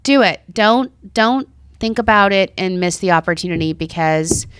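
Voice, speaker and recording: A woman's voice: medium pitch, lively intonation, normal speed, clean tone, no room sound, studio quality. A middle-aged woman co-hosting a podcast in casual chat, telling stories and acting out what people said. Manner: chatty storyteller, acts out quoted voices. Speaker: podcast co-host.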